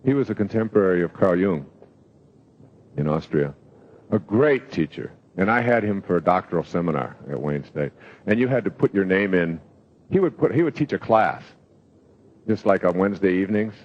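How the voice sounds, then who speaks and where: A man's voice: deep voice, animated, moderate pace, a little mellow, muffled recording. A man giving a live motivational talk, telling stories in a rambling way with fillers. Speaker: self-help speaker.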